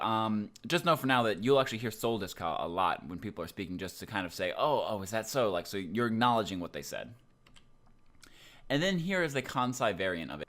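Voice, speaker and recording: Young man teaching Japanese, low voice. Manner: relaxed, loose, with many ums and likes. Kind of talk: casual explanatory lesson.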